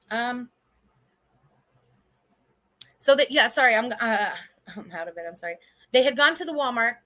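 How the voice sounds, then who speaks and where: A woman's voice: on the high side, lively intonation, moderate pace, bright, forceful tone. A woman in her thirties hosting a livestream, chatting casually in a blunt, profane and indignant way, rambling with restarts. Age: 30s. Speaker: livestream host.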